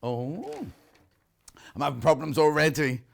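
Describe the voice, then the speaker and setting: A man's voice: on the high side, sing-song, a little slow, gravelly. A British man presenting a live shopping show in a windowless studio, chatting and reading out viewer messages.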